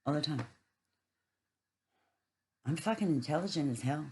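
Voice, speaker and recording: A woman's voice: sits low, animated, measured pace, a little hiss or hum, poor audio. A woman giving a rambling, casual spiritual monologue, earthy and swearing freely.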